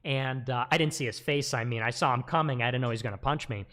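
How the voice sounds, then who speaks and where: A man casually telling a story on a livestream, animated, acting out quotes in a raised voice. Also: medium pitch, fast talker. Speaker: livestream guest.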